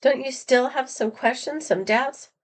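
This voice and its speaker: A woman's voice: high voice, unhurried, voice pushed up. A woman reading aloud the part of a dazed, pleading female prisoner who is a spy, in an earnest storybook voice.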